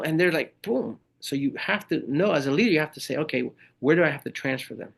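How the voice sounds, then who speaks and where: A middle-aged man guesting on a podcast talks casually about leadership, his voice fairly high with some vocal fry. He speaks quickly with hardly any pauses, telling animated stories and acting out the people in them.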